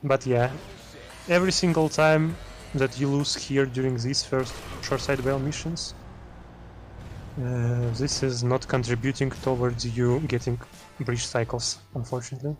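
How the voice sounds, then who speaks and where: A German-accented man commentates a live speedrun in a relaxed, chatty way, explaining tricks and cracking small jokes about himself. His voice sits in an ordinary middle range, with faint music playing behind him. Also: mid-range voice, normal speed. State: tired.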